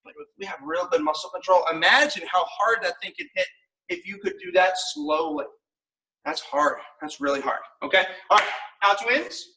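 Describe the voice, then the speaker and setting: A man's voice: high-pitched, lively intonation, moderate pace, bright, forceful tone, far from the mic, low-quality recording. A man teaching a martial arts class on video, upbeat and coaching as he counts out the kicks.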